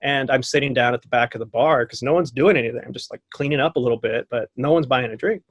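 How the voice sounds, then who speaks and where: A man in his thirties tells a story in a casual, animated way, acting out the voices of the people in it and laughing often. His voice sits at an ordinary middle pitch. The recording is close and dry, with no room sound. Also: quick pace, no room sound, dull audio. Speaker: podcast guest.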